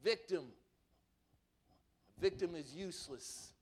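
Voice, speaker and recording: A man preaching a sermon, acting out scripture voices and swinging from quiet asides to loud, dramatic passages. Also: high-pitched, lively intonation, slow pace.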